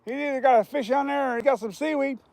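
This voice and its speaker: A man hosting a fishing livestream outdoors on a riverbank, chatting casually in a hoarse, scratchy voice and rambling as he repeats himself. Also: very high voice, fairly even intonation, fast talker, darkish tone, no echo. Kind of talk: casual live-stream chat.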